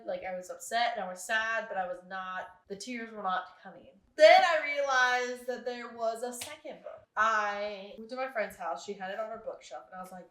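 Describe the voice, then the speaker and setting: A young woman talks casually to her camera about books she has read, rambling along with fillers and little laughs. Her voice is bright and sits a bit high. The room around her is echoey. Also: fairly quick, hardly any pauses. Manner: chatty, rambling, with frequent laughs and filler words. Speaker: book vlogger.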